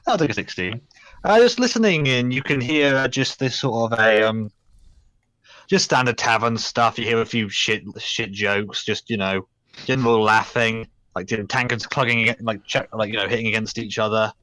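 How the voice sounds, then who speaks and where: Halting young male game master. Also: medium pitch, bright, forceful tone, no room sound. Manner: hesitant, many fillers. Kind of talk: narrating a tabletop game.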